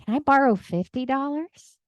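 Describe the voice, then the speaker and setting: A woman's voice: high voice, lively intonation, moderate pace, no echo, voice pushed up. Woman doing a small pleading boy. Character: young boy asking his father for money.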